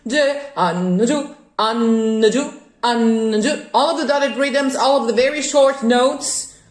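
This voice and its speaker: A woman coaching a singer on Italian opera diction, explaining rules and singing short phrases to show them. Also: on the high side. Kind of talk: vocal coaching lesson. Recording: echoey room.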